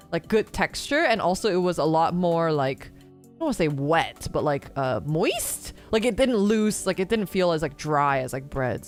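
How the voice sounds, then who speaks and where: Young american woman streamer, rambly casual chat, lots of "like", really animated voice. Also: on the low side. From United States. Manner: chatty, laughs often, trails off with "like". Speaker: streamer host.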